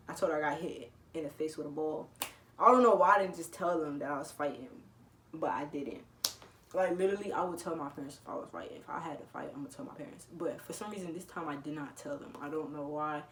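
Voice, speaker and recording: A teenage girl with a low voice tells a story casually, lively and laughing often, jumping into the voices of people in it. Her voice comes through an echoey room with a faint hum of ambience behind it. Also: far from the mic. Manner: animated, laughing, swearing, acting out quotes. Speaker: vlogger telling a story.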